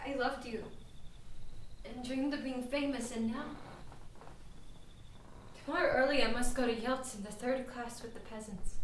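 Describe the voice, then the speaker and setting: An actress playing a weary, heartbroken young actress, speaking haltingly with stammered restarts, in a filmed stage drama scene. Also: female voice, high voice, slight background noise. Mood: bitter. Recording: roomy, distant mic with music.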